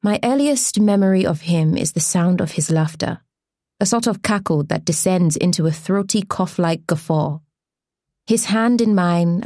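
A woman reading an audiobook in measured, deliberate scripted narration. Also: on the low side, warm tone, no room sound, studio quality.

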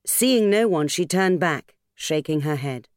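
A woman reading an audiobook in a measured, expressive narration, recorded on a studio microphone. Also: deep voice, no room sound. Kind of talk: scripted narration.

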